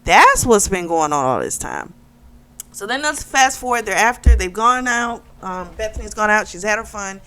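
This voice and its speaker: A book club vlogger casually recaps a novel's plot, chatting through the characters' lines as quoted dialogue with lots of fillers. Her medium-pitched voice is a bit bright, with lively intonation at a moderate pace.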